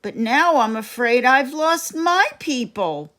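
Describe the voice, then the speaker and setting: A woman's voice: sits high, sing-song, slow, fairly bright tone, pitched above the performer's own voice, heavily acted. Woman voicing a friendly family dog. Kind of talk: children's storybook reading.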